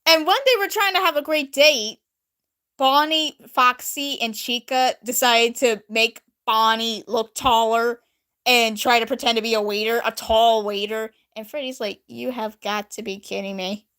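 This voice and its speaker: Giggly bright-voiced young woman vlogger. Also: on the high side, measured pace. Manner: giggly, animated, chatty with frequent laughs. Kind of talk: casual storytelling, reading an old drawing.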